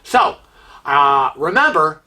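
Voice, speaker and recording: A man hosts a cruise vlog with a bright, sharp-edged voice. He tells his story as an exasperated rant, firing off rhetorical questions. His speech is loose and full of fillers and restarts. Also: on the high side, very animated, slow. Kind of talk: storytelling monologue.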